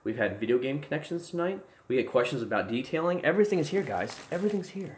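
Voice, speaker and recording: A man's voice: mid-range voice, fast, few pauses. Rambling young man chatting on a livestream. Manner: rambling, restarts often, excitable bursts. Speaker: livestream host. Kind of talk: casual livestream chat. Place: home room with desk and gear.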